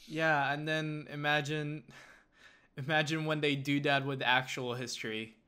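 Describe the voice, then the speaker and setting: Man, podcast host, chatty and laughing often, pitch a touch high for a man. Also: little pitch movement, measured pace, bright, forceful tone, clean tone. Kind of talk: casual podcast conversation.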